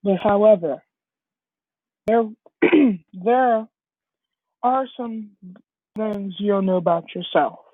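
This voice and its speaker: A woman's voice: medium pitch, no room sound. Give me a woman voicing a solemn mysterious father. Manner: slow, grave, warning. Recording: husky, dry, phone-like lo-fi audio.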